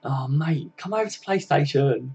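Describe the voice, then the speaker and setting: A man's voice: on the high side, expressive, moderate pace, darkish tone, muffled recording. A man, chatting casually and rambling on a live stream to his viewers. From England. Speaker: fan channel host.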